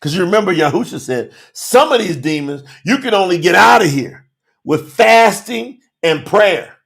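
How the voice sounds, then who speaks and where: This man's fairly bright voice sits high, swings widely in pitch and carries some vocal fry at a moderate pace. Like a podcast host running a livestreamed Bible study, he preaches scripture forcefully in slangy street talk and keeps throwing out rhetorical questions.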